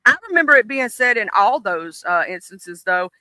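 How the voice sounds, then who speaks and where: Man, streaming co-host, bright edgy voice, playful and salty. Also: high-pitched, expressive, moderate pace, clean tone, no echo, low-quality recording. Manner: joking, profane, reminiscing; reads and greets live chat viewers. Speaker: livestream co-host. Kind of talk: casual chat.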